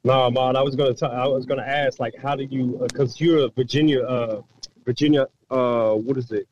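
A man's voice: medium pitch, steady tone, brisk, darkish tone. Hesitant man on a dull line. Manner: hesitant, searching for words. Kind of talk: casual sports talk. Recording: dull line with faint noise.

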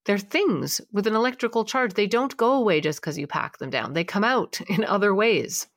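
A woman of middle pitch talking on a podcast in a warm, reassuring way. She gets animated and acts out the lines she quotes. The recording is close and dry. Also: moderate pace, no echo. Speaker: podcast co-host. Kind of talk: casual podcast chat.

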